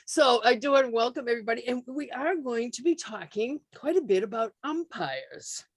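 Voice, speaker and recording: A woman's voice: fairly high pitch, animated, moderate pace. A woman hosting a video call meeting, hesitant with many fillers and light laughing asides, then reading a poem. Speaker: meeting host. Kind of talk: casual introduction and poem reading.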